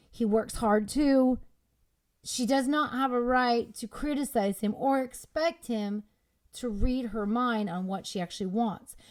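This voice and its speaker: A woman's voice: a little high, a little mellow. A young adult woman giving opinionated, emphatic commentary while she explains a video clip. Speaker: relationship commentator.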